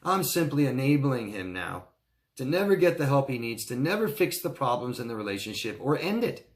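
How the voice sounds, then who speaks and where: A man working as a relationship coach, answering viewer questions in a reassuring way and often checking in with "okay?". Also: brisk. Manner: acts out quoted friends in a higher, excited voice.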